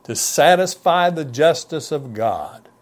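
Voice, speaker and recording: A man's voice: fairly high pitch, big pitch swings, slow. Emphatic male preacher. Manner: emphatic, pleading preaching with sudden soft drops. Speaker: pastor. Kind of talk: sermon. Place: church TV broadcast.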